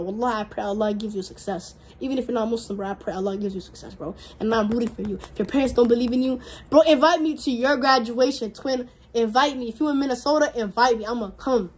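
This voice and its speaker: Young woman in her early twenties, slightly high voice, slangy and earnest, casual vlog chat to camera. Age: early 20s. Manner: slangy, earnest, encouraging, repeats phrases. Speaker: vlogger giving college advice.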